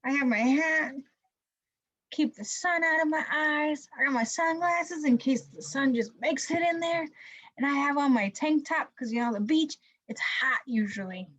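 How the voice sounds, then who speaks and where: Upbeat preschool teacher, dry sound. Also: female voice, high-pitched, normal speed, a bit bright, dry recording, highs cut off. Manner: upbeat, coaxing, speaks simply to small children. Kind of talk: online class for young children.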